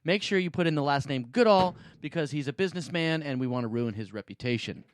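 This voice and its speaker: Brief: man, podcast host, rambling jokey banter, expressive pitch. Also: fast, background noise. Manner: rambling, laughs at own jokes. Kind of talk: casual comedic podcast banter.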